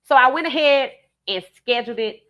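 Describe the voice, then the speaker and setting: Live-stream host: woman, New Orleans accent, higher voice, dull lo-fi audio, animated and emphatic. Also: brisk. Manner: emphatic, animated, reads out viewer comments. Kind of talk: casual live-stream commentary.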